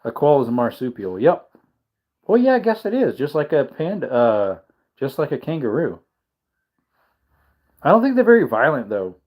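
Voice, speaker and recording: Tired male livestream host at mid pitch, yawning, loose and rambling as he reads the chat. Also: big pitch swings, normal speed, long pauses, lo-fi sound. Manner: rambling, chuckling, musing aloud. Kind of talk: casual live chat, reading comments.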